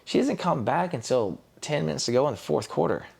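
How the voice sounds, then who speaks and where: Young man, gravelly voice, podcast guest, candid storytelling, quotes others. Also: a little high, animated, brisk, darkish tone. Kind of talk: casual storytelling.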